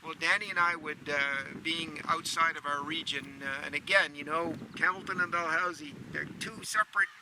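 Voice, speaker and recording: Soft-spoken man outdoors. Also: fairly high pitch, steady tone, background noise. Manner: soft, halting, switching between French and English. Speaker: comedian. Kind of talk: casual talk to camera. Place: outdoors in a cemetery.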